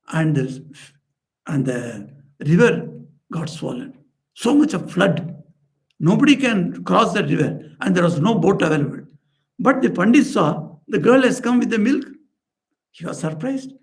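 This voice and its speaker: A swami with a high, gravelly voice gives a spiritual talk in a society house room, speaking at normal speed with animation. He tells stories earnestly as a sermon, raising his pitch for quoted characters.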